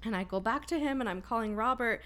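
A woman in her thirties telling a story in casual chat, animated and full of swearing, quoting the people in it. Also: a little high, fast.

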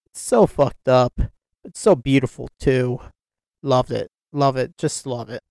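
A man's voice: mid-range voice, unhurried, vocal fry, darkish tone, dry recording. Male solo podcast host, mid-range voice, rambly and giggly, dead-dry recording. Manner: rambling, giggly, many fillers and restarts. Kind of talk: casual solo commentary.

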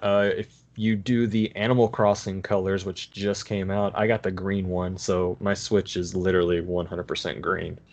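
A man's voice: deep voice, little pitch movement, moderate pace, few pauses. A man hosting a casual podcast chat, easygoing and chatty, laughing along with friends.

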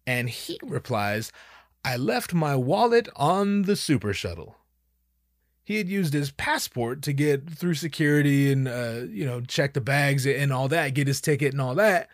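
A man telling a personal anecdote in an animated, profane, emphatic way. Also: a little high, dry recording, clean studio sound. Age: young adult. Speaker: storyteller.

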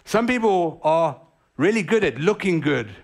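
Man, pastor, sermon, animated delivery, slightly high voice, casual asides. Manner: animated preaching with quick asides.

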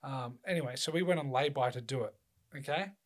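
A young man on a casual podcast, telling a childhood story with animated, sweary outbursts and teasing asides. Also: medium pitch, fairly quick. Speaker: podcast co-host.

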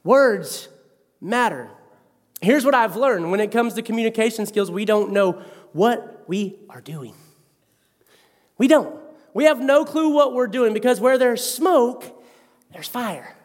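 A man in his thirties preaching a sermon as pastor, animated and conversational, with self-mocking asides. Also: very high voice, unhurried, long pauses, big-room sound.

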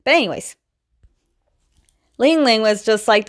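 A woman's voice: mid-range voice, lively intonation, a little slow. A young woman casually recapping a cartoon episode, chatty, full of "like", acting out the characters' quotes. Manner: chatty, lots of "like", acts out quotes.

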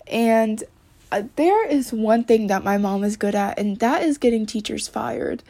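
A woman's voice: on the high side, measured pace, warm tone. A woman talking casually to camera in a rambling way, full of "like" and swearing. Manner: rambling, heavy use of "like", frequent swearing. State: upset, close to tears. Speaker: vlogger.

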